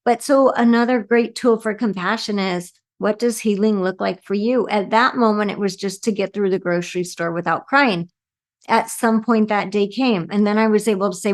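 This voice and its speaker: A woman's voice: medium pitch, moderate pace. A woman who works as a medium, talking earnestly about grief and compassion in an interview, often ending with "right?". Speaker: medium and speaker. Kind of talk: reflective talk in an interview.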